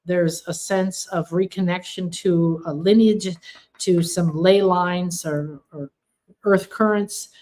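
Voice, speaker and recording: A woman with a somewhat low voice hosts a live stream of spiritual readings. She talks to her viewers in an earnest, emphatic way and repeats words to stress them. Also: steady tone, slow, a little mellow. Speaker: intuitive reader hosting a live stream.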